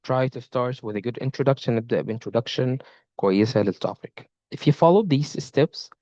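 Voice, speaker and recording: A man's voice: medium pitch, a little mellow, dry recording. A young man with an Egyptian accent explains speaking-exam strategy, mixing English and Egyptian Arabic in the same sentence. His voice sits in a middle range for a man. It is recorded close and dry, with a slightly muffled, lo-fi quality. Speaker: IELTS speaking teacher. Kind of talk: casual video lesson. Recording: slightly dull lo-fi sound.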